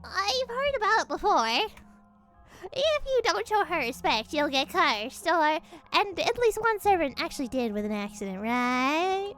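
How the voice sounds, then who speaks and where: A tiny helium-squeaky young man chatters excitedly, as a woman puts him on for a read-along. The voice is piercingly high and very bright, bouncing all over the place, with faint music playing behind. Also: unhurried, heavily acted. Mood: eager. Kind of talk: casual visual novel read-along.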